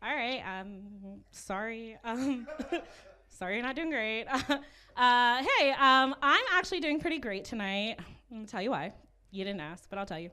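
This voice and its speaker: A woman's voice: a little high, normal speed, pushed and bright, slight background noise. A woman doing a stand-up set, awkward and self-deprecating, with nervous little laughs. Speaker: stand-up comedian.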